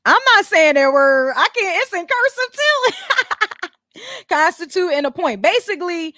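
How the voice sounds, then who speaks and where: A woman's voice: very high-pitched, lively intonation, measured pace, bright, forceful tone, dry recording, studio quality. A woman hosting a casual commentary vlog, blunt and profane as she walks her viewers through business details. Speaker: commentary channel host.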